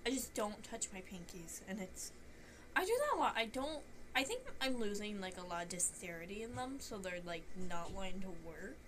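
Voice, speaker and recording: A woman's voice: medium pitch, moderate pace, hardly any pauses, noisy background. A young woman with a Southern accent, streaming and chatting casually, rambling and swearing, with some phlegm in her throat. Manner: rambling, swears often, self-deprecating.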